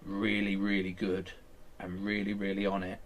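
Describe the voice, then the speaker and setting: A man's voice: deep voice, completely flat delivery, normal speed, a little hiss or hum. A man, candidly retelling events in an interview and acting out quoted lines, with some casual swearing.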